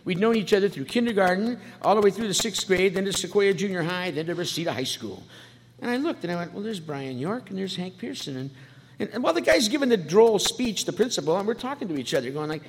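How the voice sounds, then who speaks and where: A man's voice: sits high, big pitch swings, brisk. A man from California's San Fernando Valley, sharing his life story at a recovery meeting with wisecracks and acted-out voices. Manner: wisecracking, acts out quoted voices. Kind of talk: humorous personal storytelling. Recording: reverberant hall, faint background noise.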